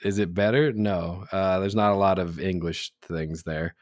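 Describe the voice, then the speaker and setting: A man's voice: low voice, unhurried, darkish tone, no echo, clean studio sound. A man co-hosting a casual podcast, telling anecdotes, laughing often and acting out the people he quotes. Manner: laughs through his stories, acts out quoted voices. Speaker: podcast co-host. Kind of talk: casual chat.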